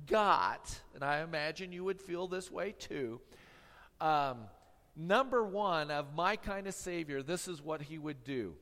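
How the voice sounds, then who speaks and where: A man's voice: a little high, a bit bright, big-room sound. A man preaching a sermon, mixing humorous stories with tongue-in-cheek sarcasm. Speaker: pastor.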